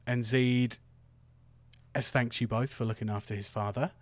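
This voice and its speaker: Man, game master, relaxed, halting, mid-pitched voice, dry close sound. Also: no echo. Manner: relaxed, halting, many fillers. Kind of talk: narrating a tabletop game.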